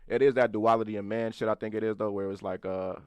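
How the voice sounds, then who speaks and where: A man's voice: fairly low pitch, fairly even intonation, fast talker, a little mellow, clean tone, no room sound. A man in his twenties co-hosting a podcast, chatting loosely and profanely, laughing often and talking to the live chat. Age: 20s. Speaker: podcast co-host. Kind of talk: casual chat.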